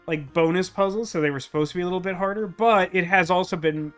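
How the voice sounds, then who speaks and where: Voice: medium pitch, fast talker, faint music behind. A streamer chatting casually and self-deprecatingly while playing a puzzle game, with many fillers. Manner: rambling, self-deprecating, lots of "like". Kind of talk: casual let's-play commentary.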